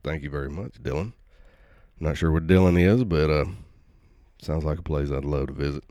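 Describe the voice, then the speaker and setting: A man hosting a podcast, reading out listener shoutouts in a laid-back, rambling, self-deprecating way. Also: rumbling low, moderate pace, no echo, studio quality. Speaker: podcast host. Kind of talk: casual solo shoutout monologue. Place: at home.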